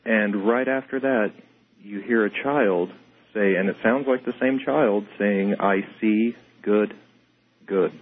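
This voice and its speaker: A man's voice: on the low side, unhurried. A man calling in as an investigator guest, explaining matter-of-factly. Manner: matter-of-fact, explains step by step. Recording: tinny phone line.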